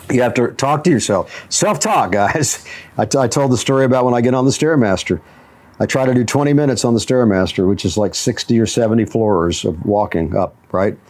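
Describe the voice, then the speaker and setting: A man's voice: mid-range voice, darkish tone. A man hosting a motivational talk show, telling stories and chuckling often as he talks. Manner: storytelling with frequent chuckles. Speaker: show host and jiu-jitsu instructor.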